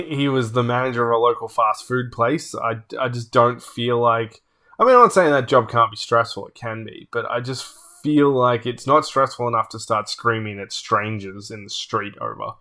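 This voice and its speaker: A man, a tabletop channel host telling a story casually, with animated, laughing asides. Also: medium pitch.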